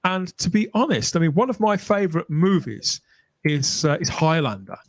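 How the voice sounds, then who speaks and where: A man's voice: a little high, very animated, normal speed, no echo. A man co-hosting a podcast, talking in an articulate, storytelling way. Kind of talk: casual chat.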